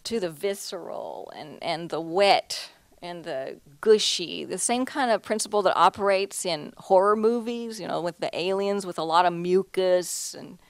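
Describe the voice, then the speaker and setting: A woman's voice: fairly low pitch, measured pace, no room sound. A woman artist giving a casual talk about her paintings, chatty and laughing often, with plenty of restarts and "you know"s. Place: museum lecture hall.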